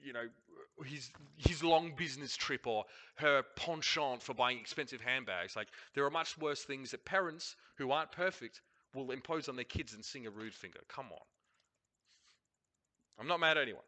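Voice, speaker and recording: A man's voice: medium pitch, moderate pace, pushed and bright. A man with an Australian accent, hosting a casual review of a match broadcast, talking bluntly and swearing freely as he rants. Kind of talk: casual commentary over a replay.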